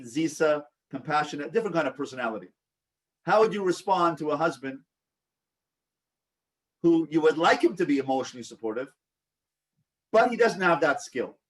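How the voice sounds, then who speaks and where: A man's voice: on the high side, expressive, normal speed, distant mic. A man leading a support group, who coaches, asks the group questions and acts out sample replies. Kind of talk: teaching a live online group session.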